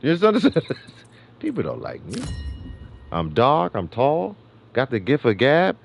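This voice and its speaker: A man's voice: medium pitch, wildly swooping pitch, unhurried, vocal fry, a little hiss or hum. A middle-aged man from New York City hosting a gaming livestream, rambling in slangy casual chat and laughing often. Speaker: livestream host.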